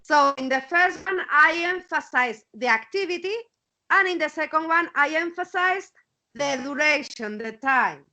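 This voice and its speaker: Brief: woman English teacher, Spanish accent, high bright voice, unhurried, on a video call. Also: expressive, rough recording. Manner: repeats words while searching, checks with "okay?". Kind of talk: online class teaching.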